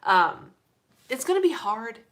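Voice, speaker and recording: A young woman chatting casually on a live stream, reading viewer comments, animated and full of fillers like "like". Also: fairly high pitch, measured pace. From Midwestern United States. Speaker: host of a live community chat.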